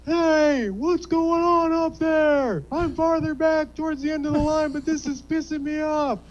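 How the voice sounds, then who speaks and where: Man playing Bessie Bones, shrill angry yokel. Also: steady tone, measured pace, highs cut off. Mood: irate. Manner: shouty, indignant, high-pitched. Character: angry taser-toting male yokel in line.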